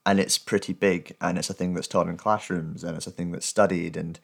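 A Scottish man in his thirties, a guest talking in a thoughtful, articulate and steady way in a casual interview. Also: deep voice, brisk, gravelly. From Scotland. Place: at home.

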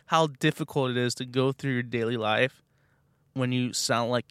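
A man's voice: medium pitch, normal speed, clean tone, no echo. Young man telling a story, dry sound. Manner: animated storytelling, laughing often. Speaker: podcast co-host. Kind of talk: casual chat.

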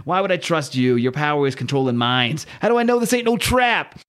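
Man doing a gruff tough-guy brawler, slangy, blustering, pitched up, fast. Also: animated, fairly bright tone. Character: gruff rocky brawler hero, male adult.

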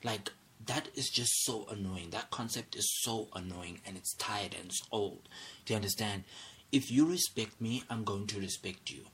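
A young man hosts a solo podcast in an angry, irate state, asking "do you understand" again and again. His voice is lowish and fairly bright at a moderate pace, with slight background noise.

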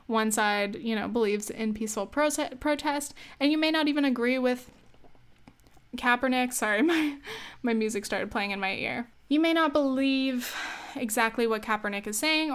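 Smooth-voiced young woman chatting her opinions. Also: fairly high pitch, a bit bright. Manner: chatty, wry, laughs at herself, trails off and restarts. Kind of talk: casual opinion monologue.

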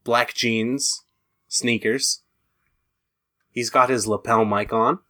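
A man narrating his character in an improvised tabletop role-play, in slow, drawn-out storytelling. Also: medium pitch, steady tone, bright, forceful tone.

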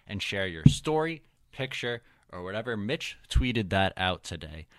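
Low-voiced young podcast host. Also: male voice, sing-song, measured pace, fairly bright tone, no room sound. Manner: laid-back, joking storyteller. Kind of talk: casual hockey podcast chat.

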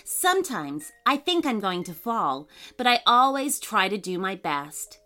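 A woman's voice: medium pitch, very animated, unhurried, pushed and bright, faint music behind. A woman voicing a brave little girl in a storybook reading, earnest and matter-of-fact.

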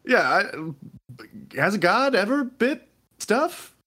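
A man's voice: high-pitched, very animated, very slow, sharp tone, breathy edge. A man co-hosting a casual chat, telling stories with lots of laughs and quoting people in put-on voices. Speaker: podcast co-host.

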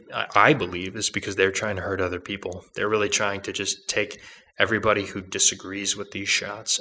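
A young man hosting a political podcast delivers an opinionated monologue that rambles, restarts and argues, combative and full of asides. His voice sits on the low side, bright and forceful.

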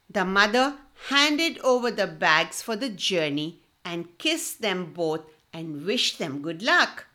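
Lively, bright-voiced woman storyteller. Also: on the high side. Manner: expressive, asks the children questions. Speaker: storyteller for children. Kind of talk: children's story reading.

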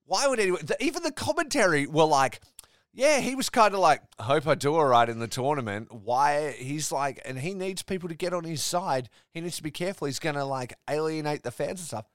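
A man's voice: a little high, expressive, a little fast, fairly bright tone, no room sound, studio quality. A man co-hosting a podcast, ranting animatedly and swearing in casual chat. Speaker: podcast co-host.

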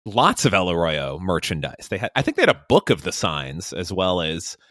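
A man's voice: deep voice, big pitch swings, moderate pace, fairly bright tone. A man co-hosting a podcast, explaining things in an amused, easygoing way. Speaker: podcast co-host. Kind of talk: casual chat.

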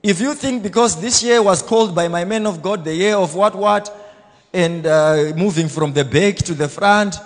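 A man pastor preaching a blunt, self-assured sermon, swinging between loud exhortation and quiet asides. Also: sits high, normal speed, big-room sound. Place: church hall.

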